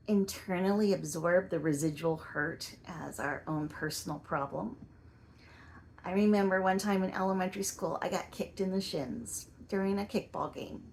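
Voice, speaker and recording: Soft-spoken woman, reflective personal talk. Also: medium pitch, slight background noise. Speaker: vlogger.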